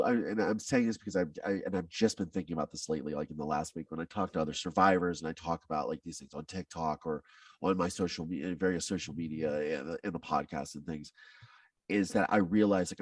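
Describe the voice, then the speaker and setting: A man's voice: low voice, darkish tone, no echo, studio quality, far from the mic. A man who is a podcast guest tells his own story candidly, with intense, blunt talk and frequent swearing.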